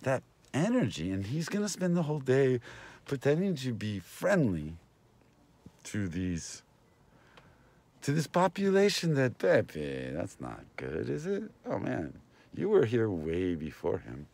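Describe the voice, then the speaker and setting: A man's voice: medium pitch, huge pitch swings, unhurried, vocal fry, darkish tone. A man hosting a casual, rambling vlog, meandering between talking to viewers and to people nearby. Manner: meandering, talks to viewers and passersby. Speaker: vlogger and host.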